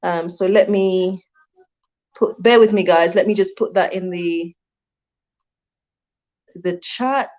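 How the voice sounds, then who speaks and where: A woman's voice: on the low side, takes it slowly, pauses often, muffled recording. A Jamaican-born woman hosting a casual livestream from home, reading out viewer comments and laughing often. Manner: chatty, laughs often, thanks viewers warmly. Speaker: livestream host. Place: home in Rwanda.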